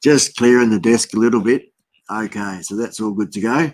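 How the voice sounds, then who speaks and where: A man's voice: lowish voice, quick pace, a little mellow. Chatty Australian man hosting a livestream. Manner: rambling, chatty, lots of fillers and greetings to viewers. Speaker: livestream host. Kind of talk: casual live-stream chat. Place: home desk setup.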